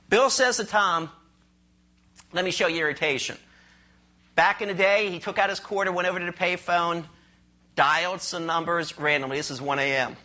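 A man's voice: sits high, sharp tone. A man preaching a sermon, asking his listeners questions, telling a story with voices, and dropping to a near whisper for emphasis. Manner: asks the audience rhetorical questions.

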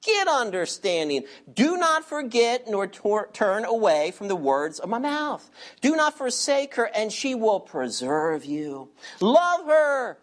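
A woman delivers a sermon, her voice sitting a little high. She reads scripture in slow, deliberate phrases, then turns to the congregation with lively, wry asides. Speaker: preacher.

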